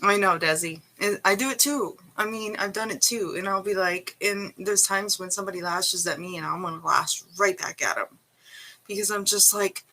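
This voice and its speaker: A woman speaks in a loose, meandering motivational monologue, earnest and encouraging as she talks straight to her viewers. Her voice sits at an ordinary middle pitch with a bright, slightly sharp edge. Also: normal speed, poor audio. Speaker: vlogger.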